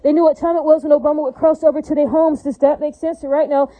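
A woman's voice: high voice, little pitch movement, fast talker, dark tone. A woman in a rambling, agitated monologue, repeating herself and tagging her points with questions. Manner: repetitive, rambling, with constant tag questions; agitated, profane. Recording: tinny phone-like audio.

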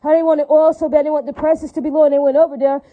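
A woman's voice: high voice, level tone, quick pace, narrow, tinny audio. A woman giving an angry, profane monologue rant, heated and preachy, with lots of repetition.

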